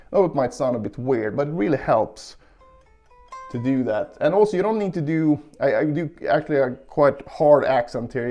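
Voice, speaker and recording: A man giving a casual guitar lesson, explaining technique calmly and counting beats aloud, with guitar playing behind him. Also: medium pitch. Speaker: guitar teacher.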